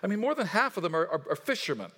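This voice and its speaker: A man preaching to his congregation, reading scripture aloud and pausing to have them repeat the lines back. His voice sits fairly high for a man and trails into a long reverb, as in a large church sanctuary. He talks in a loose, conversational way, with fillers and restarts. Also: very animated, pushed and bright. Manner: leads the congregation in call-and-response repetition. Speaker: pastor.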